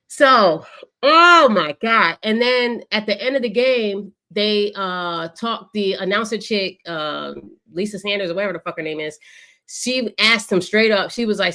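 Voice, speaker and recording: A woman co-hosting a sports podcast in casual chat, animated and profane, acting out what players said. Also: medium pitch, moderate pace. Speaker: podcast co-host.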